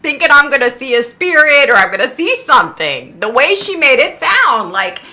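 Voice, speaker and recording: A high-voiced middle-aged woman speaks at normal speed while telling a story on her psychic livestream. The chat is casual and lively, full of laughter and her impressions of other people.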